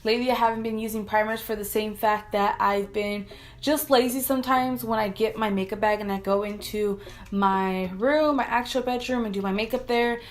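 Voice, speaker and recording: A woman's voice: mid-range voice, steady tone, moderate pace. A young woman from California chatting through a casual makeup review vlog in her bedroom, rambling and repeating herself. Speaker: beauty vlogger.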